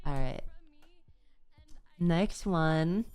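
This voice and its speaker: Casual woman streamer, lowish voice. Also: a little slow, faint music behind. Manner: casual, swears, stammers and laughs often. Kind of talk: casual livestream chat, reading viewer messages.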